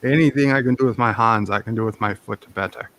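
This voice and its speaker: A man's voice: mid-range voice, fast, a bit bright. Joking male stream host. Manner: joking, slips into put-on accents. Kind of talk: casual chat.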